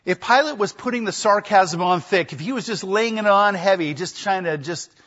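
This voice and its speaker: A man delivers a sermon with a husky voice pitched a little high. He is emphatic and acts out the quoted speech of people in the story. The recording sounds dull and lo-fi. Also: normal speed, fairly bright tone. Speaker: pastor. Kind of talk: expository sermon.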